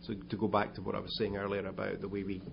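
A man's voice: lowish voice, completely flat delivery, quick pace, creaky, dull audio, noisy background. A man giving a conversational sermon as pastor, with asides and restarts. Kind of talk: sermon talk.

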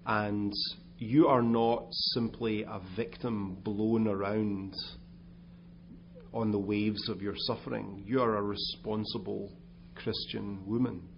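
A man's voice: lowish voice, fairly even intonation, unhurried, gravelly, lo-fi sound, slight background noise. A man giving a conversational sermon as pastor, with asides and restarts. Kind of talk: sermon talk.

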